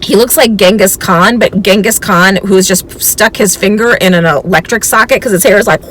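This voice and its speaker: A woman reseller vlogger telling a thrift-store story in a chatty, animated way. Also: mid-range voice, normal speed, a little hiss or hum. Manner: chatty, animated, laughs between lines. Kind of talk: casual storytelling vlog.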